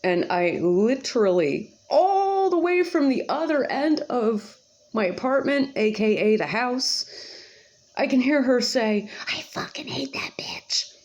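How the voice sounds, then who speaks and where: A woman's voice: fairly high pitch, sing-song, unhurried, darkish tone, dull audio. A woman rambling casually to camera in a vlog. She talks in a slangy, profane way with lots of asides. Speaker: vlogger. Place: home kitchen.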